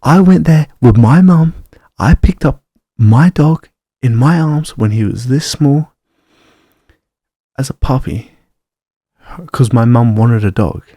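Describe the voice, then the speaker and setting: A man's voice: mid-range voice, slow pace, long pauses, warm tone, dry recording, clean studio sound. A young man, swearing and ranting in a casual personal vlog. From Australia. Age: young adult. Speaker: vlogger.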